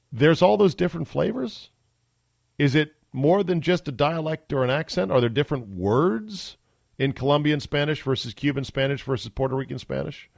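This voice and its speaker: A man's voice: a little high, normal speed, vocal fry, no echo. A man hosting a podcast in casual talk, chatty and wry, with mock-amazed asides. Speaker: podcast host. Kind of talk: casual sports and news talk.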